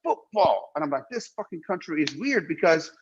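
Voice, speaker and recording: A man's voice: fairly high pitch, animated, fairly quick, dull audio, slight background noise. A middle-aged man from Iran telling his life story emphatically in an interview, repeating himself and swearing freely. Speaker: guest.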